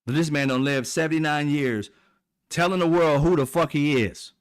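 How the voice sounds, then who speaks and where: A man's voice: on the high side, normal speed, clear, resonant tone. A middle-aged man, hosting heated political commentary in a blunt, profane, mocking way. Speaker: commentary channel host.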